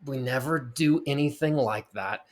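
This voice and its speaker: A man's voice: mid-range voice, normal speed. A middle-aged man co-hosting a movie review podcast, retelling scenes with energy and acting out the lines. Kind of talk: casual film discussion.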